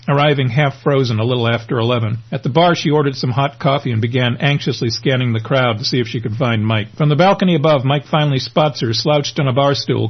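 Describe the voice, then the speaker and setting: Guy narrating a novel, steady, mid-pitched, bit dull lo-fi sound. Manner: steady, descriptive. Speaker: audiobook narrator. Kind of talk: audiobook narration. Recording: slightly dull lo-fi recording.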